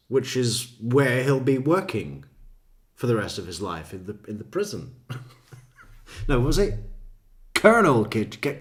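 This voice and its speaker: A man hosting a true crime commentary, joking, laughing often, and stammering through repeated words. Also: medium pitch. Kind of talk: casual commentary.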